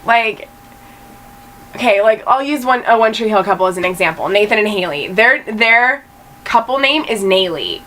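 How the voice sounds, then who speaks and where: A woman in easy conversation whose voice jumps all over her range and rings bright and forward. She is animated and giggly and laughs high and often. A faint hiss sits behind her. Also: normal speed, poor audio. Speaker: co-host. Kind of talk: casual chat.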